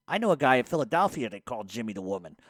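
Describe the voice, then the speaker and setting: A middle-aged man spins stories and answers questions in loose, cussing talk, laughing as he goes. His pitch leaps up and down as he tells it. The sound is close and dry, with no room around him. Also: normal speed, no room sound. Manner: profane, laughs often, animated storyteller. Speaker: podcast host. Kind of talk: casual storytelling and Q&A.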